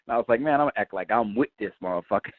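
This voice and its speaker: A man, a guitarist, telling an animated, profane story and acting out the other people's voices. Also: medium pitch, rapid-fire, no room sound, narrow, tinny audio. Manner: lively, swears freely, acts out quoted voices.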